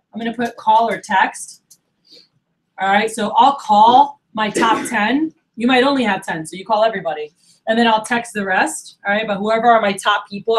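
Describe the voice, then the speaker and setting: Casting: brisk woman sales trainer, rapid-fire delivery, upbeat coaching, plays out quick calls with reps. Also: mid-range voice, poor audio. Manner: energetic, coaching, acts out phone calls. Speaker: sales manager coaching new managers. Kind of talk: training workshop talk.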